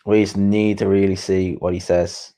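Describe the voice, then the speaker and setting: A man hosting a casual livestream chat, chatty and quick to laugh, often repeating himself and swearing. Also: sits low, level tone, warm tone. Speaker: host.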